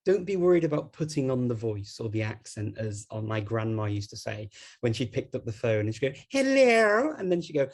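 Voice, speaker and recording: A man's voice: fairly low pitch, a little fast, mellow. A man with a Scouse Liverpool accent, giving an online talk in a chatty way and laughing between points. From Liverpool, England. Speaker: guest speaker on language learning.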